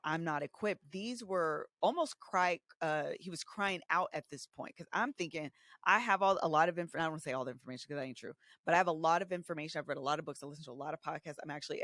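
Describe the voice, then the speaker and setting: A woman in her thirties, co-hosting a podcast and telling candid stories about her own marriage, animated and casual, acting out the voices she quotes. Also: deep voice, dry recording, studio quality. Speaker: podcast co-host. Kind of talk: candid conversational storytelling.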